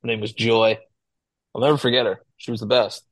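A man's voice: on the low side, a little fast, dry recording. Casual joking podcast guy. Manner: animated storyteller, swears casually. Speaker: podcast co-host. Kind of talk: casual chat.

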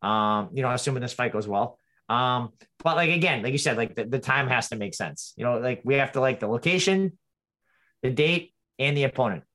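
A man's voice: medium pitch, brisk, pushed and bright. A man talking as a guest in a casual interview, rambling with lots of restarts and fillers. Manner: rambling, many restarts and "you know". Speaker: fighter, guest.

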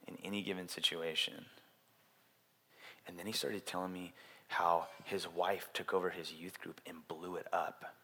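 A man preaching a sermon in a casual, animated way, acting out quotes as he tells stories. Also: deep voice. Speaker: pastor. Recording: long hall reverb.

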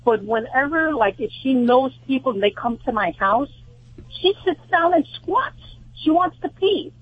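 A woman's voice: high-pitched, animated, moderate pace, slightly rough, no echo, phone-quality sound. A woman caller with a New York accent, telling her story in a chatty way.

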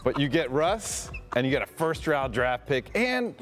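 A man's voice: medium pitch, very animated, normal speed, voice pushed up, close to an everyday voice. A man improvising as a scheming basketball team general manager on a podcast, with wry, laid-back dealmaking banter. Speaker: basketball reporter. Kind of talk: improvised role-play on a podcast.

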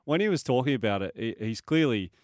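A man's voice: mid-range voice, animated, fast talker, darkish tone, dry recording, studio quality. An Australian man co-hosting a breakfast sports radio show, chatting casually and reading listener texts aloud.

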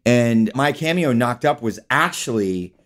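A man's voice: medium pitch, expressive, a little slow, fairly bright tone. A man guest on an interview show, telling stories in a rambling, casual way, often saying "like" and "you know". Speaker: guest, actor and filmmaker.

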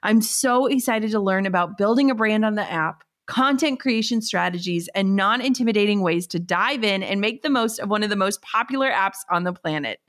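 A woman's voice: medium pitch, fairly quick, hardly any pauses, a bit bright. A woman hosting a podcast who asks her guest questions in an eager, enthusiastic way. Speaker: podcast host. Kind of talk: podcast interview.

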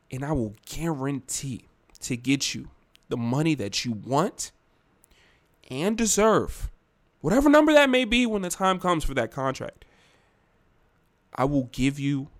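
A man acting out a sports team owner who speaks in a slightly high, earnest voice as he courts his star player. He piles up promises, then swings between soft coaxing and louder bargaining. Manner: earnest, persuasive, makes big promises.

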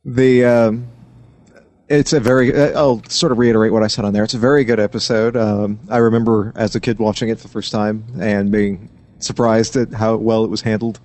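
A man co-hosting a casual podcast, reflecting with many pauses and a dry, teasing edge. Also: lowish voice, level tone, darkish tone. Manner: hesitant, filler-heavy, dry teasing. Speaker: podcast co-host. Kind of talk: casual chat.

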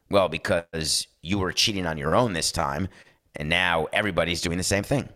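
A man's voice: low-pitched, moderate pace. A man in his fifties hosting a sports talk show, delivering an opinionated, sarcastic monologue. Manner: animated, sarcastic, slips into mock voices.

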